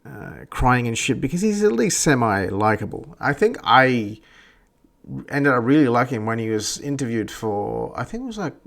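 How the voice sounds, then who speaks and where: A man's voice: medium pitch, big pitch swings, normal speed, creaky, a bit bright. A man hosting a podcast, ranting bluntly and profanely in a rambling way. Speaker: podcast host. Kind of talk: profane opinion rant.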